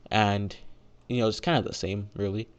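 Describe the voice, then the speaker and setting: A man's voice: lowish voice, steady tone, normal speed, clear, resonant tone, dull audio. A young man casually retelling a fan-made story, rambling with lots of fillers and restarts.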